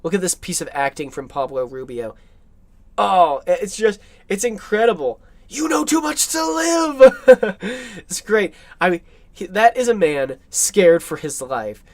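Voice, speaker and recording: Eager, slightly high-voiced male film commentator. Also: animated, moderate pace. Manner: enthusiastic, rambling, frequent self-corrections. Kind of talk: film analysis commentary over clips.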